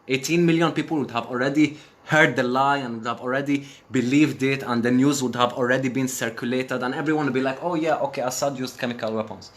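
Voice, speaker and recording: Syrian guy venting on his live stream, mid pitch, swears a lot, faint hum behind him. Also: steady tone, fairly quick, fairly bright tone. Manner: impassioned, swearing, repeats phrases for emphasis. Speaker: livestream host. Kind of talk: emotional live stream rant.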